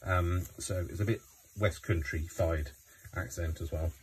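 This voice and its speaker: A man's voice: sits low, steady tone, measured pace, slight background noise. A man from Coventry, chatting casually while crafting, rambling with many fillers. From Coventry, England. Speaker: craft vlogger.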